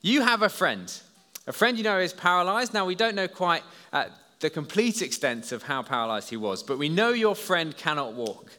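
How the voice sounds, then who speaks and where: Male preacher, animated storyteller, bright tone, echoing church hall. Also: a little high, moderate pace. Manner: lively, storytelling, talks to listeners as "you". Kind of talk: children's talk sermon. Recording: long hall reverb.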